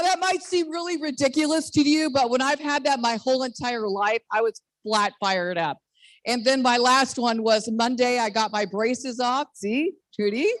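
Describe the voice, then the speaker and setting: A woman in her sixties giving a bubbly, excited sales pitch full of personal testimonies on a video call, laughing at herself now and then. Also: no echo, poor audio. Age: 60s. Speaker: network marketing presenter.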